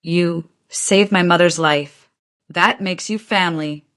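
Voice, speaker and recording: Cold Korean-accented male boss, read by a woman, flat, clipped, low. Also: slow pace, clean tone. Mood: commanding.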